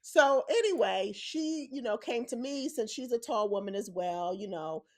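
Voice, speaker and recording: Woman podcast co-host, higher voice, earnest storyteller, emphatic and outspoken. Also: animated, normal speed, darkish tone. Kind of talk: casual opinionated chat.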